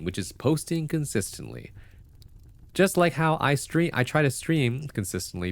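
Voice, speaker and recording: Male streamer, deep voice, congested, lively, rambling casual delivery, dry close mic. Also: dry recording. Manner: chatty, rambling, with many fillers and self-corrections. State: congested nose. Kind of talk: casual livestream commentary.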